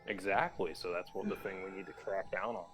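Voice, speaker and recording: A deep-voiced man argues in an online debate. He sounds quiet, stubborn and dismissive. Music plays clearly behind him. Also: flat delivery, fairly quick. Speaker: debate participant.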